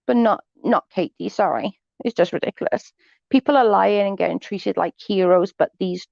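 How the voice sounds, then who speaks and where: A woman's voice: fairly high pitch, darkish tone, dry recording, dull audio. A woman hosting a casual livestream, reading viewer chat and giving blunt, sarcastic, gossipy opinions.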